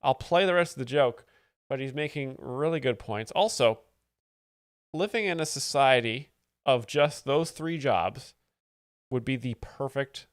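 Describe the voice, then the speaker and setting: Brief: male host, smooth clear voice, dry close mic, straight-faced mock expert. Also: medium pitch, a little slow, no echo. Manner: deadpan, faux-earnest. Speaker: host, joke explainer. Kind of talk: mock-expert comedic commentary.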